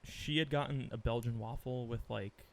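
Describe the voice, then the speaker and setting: A man co-hosting a relaxed podcast, his voice sitting in an ordinary middle pitch. He talks in an animated, casual way, laughs often and swears freely. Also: normal speed, vocal fry. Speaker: podcast co-host. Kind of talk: casual chat.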